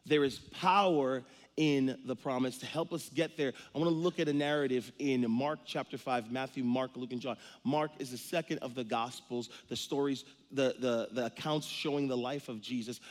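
A man in his thirties, a pastor giving an energetic, joking sermon with many stories. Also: medium pitch, normal speed, few pauses, long reverb tail.

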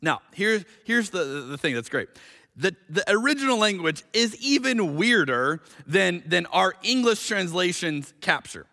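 A man preaching with a high, ringing voice, chatty and animated, then slowing down to read scripture with weight. His voice carries a long reverb, as if he is in a church hall. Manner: conversational, animated, reads scripture slowly and emphatically. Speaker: pastor. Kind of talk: sermon.

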